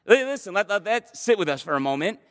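Man, pastor, high voice, passionate emphatic sermon, long hall reverb. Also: big pitch swings, quick pace. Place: church stage.

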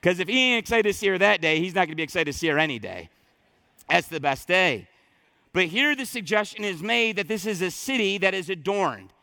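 High, bright-voiced male pastor preaching. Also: sing-song, brisk, gravelly, no echo. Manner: conversational preaching with frequent restarts and asides. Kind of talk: sermon.

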